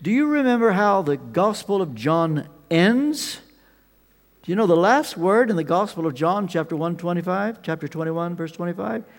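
A man preaching a sermon, telling the story with animated swings between loud emphasis and quiet asides. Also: high-pitched, normal speed. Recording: long reverb of a large hall.

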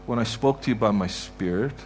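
A Canadian guest preacher with a fairly low, brisk, slightly mellow voice delivers a heartfelt sermon in a church sanctuary. He repeats his points with emphasis and pronounces blessings over the congregation, with soft music in the background.

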